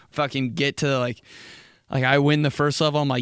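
A young man rambles through a solo comedy podcast, cursing and jumping into little acted-out exchanges. His voice sits at a middling pitch. The sound is close and dry, with no room around it. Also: fairly even intonation, a bit bright, clean tone, dry recording. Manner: rambling, profane, acts out quick mock exchanges. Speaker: podcast host. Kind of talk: casual comedic monologue.

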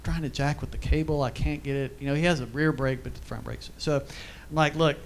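His voice is a little high, gravelly and steady, moving fairly quickly, with slight background noise behind it. In an informal church teaching he tells chatty stories full of asides and fillers, briefly getting choked up.

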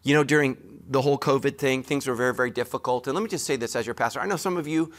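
Male pastor giving a sermon; direct, emphatic, playful delivery with a forceful, bright voice. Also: mid-range voice, rapid-fire. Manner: emphatic, joking preacher who talks straight to the congregation.

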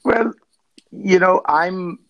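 A man with a Northern Irish accent chatting on a podcast, joking in a sardonic, deadpan way. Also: high-pitched, very slow, no echo. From Northern Ireland. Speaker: podcast host. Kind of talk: casual chat. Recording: dry, slightly dull sound.

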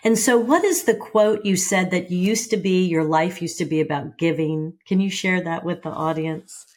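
A woman's voice: lowish voice, moderate pace, darkish tone. A woman hosting an interview, affirming her guest's story and prompting him to share more. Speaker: podcast host. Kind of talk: interview questions.

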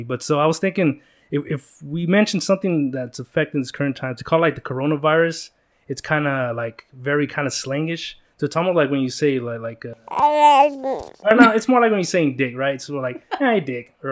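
A man's voice: medium pitch, quick pace. A man hosting a casual podcast chat, rambling and joking with many fillers and restarts. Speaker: podcast host.

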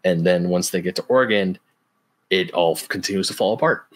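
A man's voice: low voice, brisk. A man co-hosting a podcast, casually recounting scenes step by step. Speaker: podcast co-host. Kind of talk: casual chat.

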